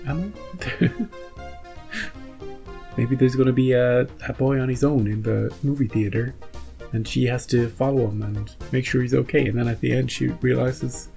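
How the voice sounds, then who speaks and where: A man hosting a reaction video, rambling and joking with animated outbursts in casual commentary. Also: medium pitch, vocal fry.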